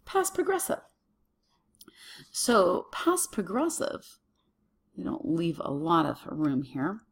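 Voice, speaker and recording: A woman's voice: low voice, sing-song, slow pace, creaky, breathy edge. A woman teaching a Latin lesson to children on video, working patiently through a worksheet and talking herself through each step.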